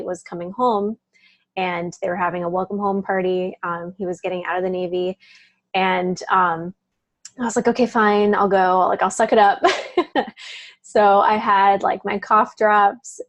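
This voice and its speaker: A woman's voice: on the low side, no echo. A woman talking casually as an interview guest, telling a personal story with frequent laughs and lots of filler words. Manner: chatty, laughs often, many "like" fillers.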